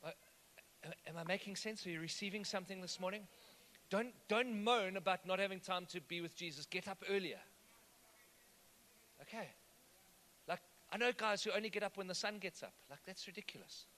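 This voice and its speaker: A man's voice: high-pitched, fairly quick, long pauses, sharp tone. A man preaching a sermon, conversational and often asking the congregation whether they follow. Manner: conversational, asks the congregation questions. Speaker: pastor.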